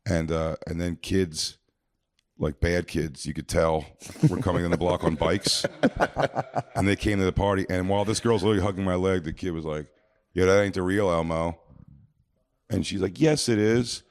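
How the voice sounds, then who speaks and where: A man's voice: low-pitched, normal speed, no echo. A man telling a long, rambling story in casual chat, full of fillers and restarts. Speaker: podcast host telling a story.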